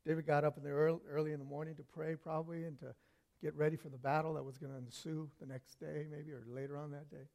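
A man preaching a sermon, telling stories with lively swings from loud to hushed. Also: fairly high pitch, fast talker, gravelly.

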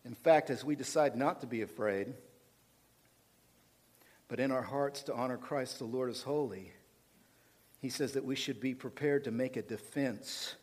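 A man preaching a sermon, swinging between loud emphasis and quiet, low passages. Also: moderate pace, long pauses. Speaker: pastor.

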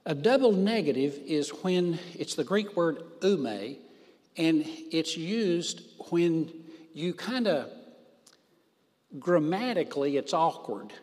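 A man's voice: on the high side, animated, a little mellow, long reverb tail. A man preaching a sermon, stressing words by drawing out his phrases. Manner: emphatic, drawn-out phrases for stress.

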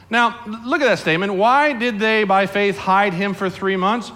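A middle-aged male pastor delivers a lively sermon, swinging between chatty storytelling and playful acted-out voices. His voice sits a touch higher than most men's. He keeps things humorous and conversational while preaching. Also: normal speed.

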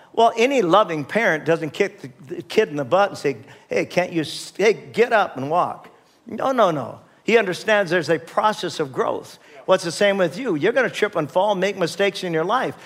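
A man preaching in a church, his voice sitting a little higher than most men's. He talks loosely and conversationally, stumbling over restarts and asking the room for an amen. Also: fairly bright tone. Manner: conversational preaching with many restarts, calls to the congregation. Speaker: pastor. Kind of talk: sermon.

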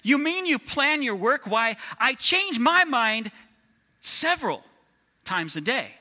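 A man briefly acts out a fussy older gentleman writer, stunned and incredulous. The voice sits high and very bright, and each question climbs upward. A long reverb from a large hall trails behind every line. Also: big pitch swings, takes it slowly, heavily acted. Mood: astonished. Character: astonished older male writer, fussy and quick to change his mind.

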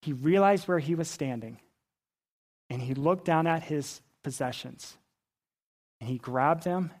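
Male pastor, mid-high voice, animated conversational sermon with acted-out quotes. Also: unhurried. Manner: animated storytelling, acting out Bible characters' lines; conversational, rhetorical questions to the congregation.

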